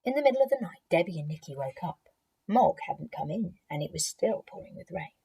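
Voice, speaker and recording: Gentle, husky woman reading a storybook. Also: fairly low pitch, fairly quick. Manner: expressive, gentle, chatty asides to children. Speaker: primary school teacher reading aloud.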